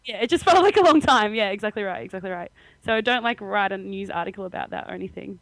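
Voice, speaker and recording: A woman's voice: medium pitch, lively intonation, quick pace, fairly bright tone, no echo, poor audio. Young aussie woman rambling through a story on a podcast, giggly, dry close mic. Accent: Australian. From Australia. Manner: chatty storytelling, laughs often. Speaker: podcast co-host. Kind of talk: casual chat.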